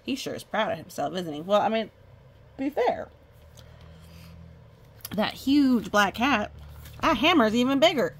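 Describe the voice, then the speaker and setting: Lady reading a kids' book out loud, chatty and amused, voice jumps around a lot. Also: fairly high pitch, animated, unhurried, long pauses, slightly rough. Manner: chatty, amused, commenting on pictures. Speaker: storybook reader. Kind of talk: children's book read-aloud.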